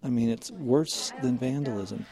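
A man's voice: medium pitch, a little slow, a crowd in the background. Earnest male photography teacher. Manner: earnest storytelling. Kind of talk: interview.

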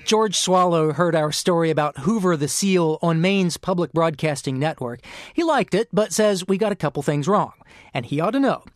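A man's voice: a little high, moderate pace, dry recording. A male radio host conducting an interview in a friendly, conversational way with a taste for puns.

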